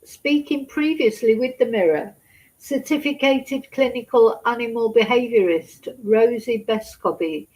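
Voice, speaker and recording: A woman reads a news story aloud on her vlog, a little slowly, in a fairly high, soft-spoken voice. Hesitant and chatty, she adds personal asides full of fillers and becomes upset. The audio is poor.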